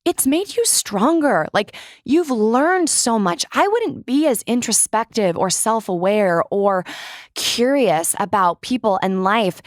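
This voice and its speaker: A woman's voice: on the high side, animated, slow, no echo. Candid young woman podcast host, dry sound. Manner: candid, chatty, fillers of "like", casual swearing. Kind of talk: casual solo monologue.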